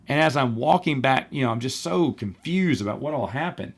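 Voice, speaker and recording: A middle-aged man hosting a podcast, telling work stories in a casual, animated way with wry, exasperated asides, acting out the people he quotes. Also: medium pitch, fairly quick, slightly rough. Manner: animated, acts out quoted people in changed voices. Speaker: podcast host. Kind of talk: casual storytelling monologue.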